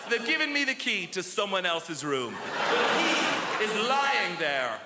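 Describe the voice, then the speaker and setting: A man doing a stand-up comedy set on a theatre stage, animated and shouting his punchlines. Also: high voice, a little slow, heavy background noise. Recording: echoey theatre with loud crowd laughter.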